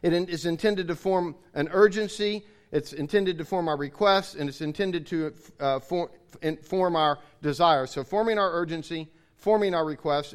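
A man's voice: fairly high pitch, clean tone. A man preaching a sermon, explaining his points in an earnest way and restating them.

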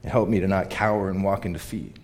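A man's voice: low-pitched, steady tone, fast. Earnest male preacher. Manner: earnest, emphatic preaching with repeated phrases. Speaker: pastor. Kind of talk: sermon.

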